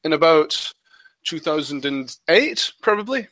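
Bright, dry-sounding male podcast co-host. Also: on the high side, measured pace, no echo. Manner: dry, matter-of-fact with deadpan jokes. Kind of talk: casual chat.

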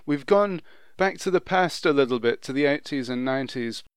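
A man's voice: mid-range voice, animated, moderate pace, clean tone, no echo. A man hosting a podcast, opening with upbeat, presenter-like introductions in casual chat. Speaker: podcast host.

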